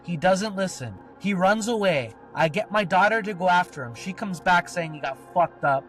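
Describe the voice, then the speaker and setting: In a casual storytelling bit, a male podcast co-host recounts something personal, rambling, cursing, and filling pauses with filler words. His voice sits high and is animated and a bit bright, at a moderate pace, with soft music in the background.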